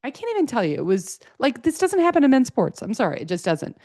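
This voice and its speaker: A woman's voice: fairly high pitch, very animated, fast, dark tone, no room sound, studio quality. A woman hosting a sports podcast, chatting casually and getting emotional as she gushes. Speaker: podcast host.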